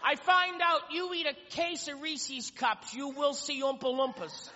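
Brief: male stand-up comic, very high voice, rambling self-mocking stories, dull live recording in a big reverberant room. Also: fairly even intonation, unhurried, bright, forceful tone, a little hiss or hum. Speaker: stand-up comedian. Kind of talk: stand-up comedy routine. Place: comedy stage before a live audience. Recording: lo-fi live club recording with hall echo and crowd.

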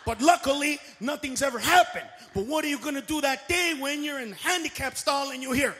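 A male stand-up comedian who talks loud and brash and shouts his punchlines. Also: extremely high pitch, animated, brisk, long reverb tail.

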